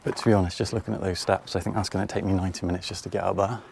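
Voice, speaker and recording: Walking outdoors through farm fields and along a coastal path, a vlogger films on a handheld camera and chats to the viewer in a self-mocking way. His voice is low, level, very fast, creaky and a little mellow, and he's out of breath from climbing, with faint outdoor noise behind him.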